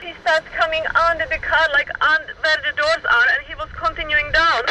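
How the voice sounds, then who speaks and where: Scared woman, very high and sharp voice, shaky and hesitant. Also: steady tone, normal speed, a little hiss or hum, poor audio. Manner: hesitant, asks anxious questions. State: scared, voice unsteady.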